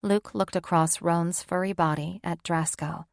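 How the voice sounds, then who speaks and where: Gravelly low woman narrating a novel. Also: fairly even intonation, measured pace, no room sound, clean studio sound. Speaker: audiobook narrator. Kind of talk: scripted narration.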